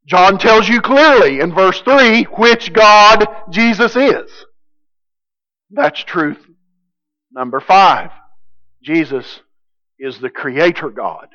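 High-voiced man preaching emphatically. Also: lively intonation, slow, pauses often, muffled recording. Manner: emphatic, swings from hushed to loud. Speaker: pastor. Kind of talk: sermon.

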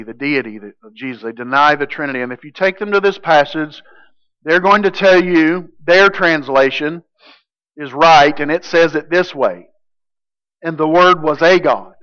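A man preaching a sermon, emphatic, swinging from hushed to loud. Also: fairly high pitch, moderate pace, clear, resonant tone, highs cut off. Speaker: pastor.

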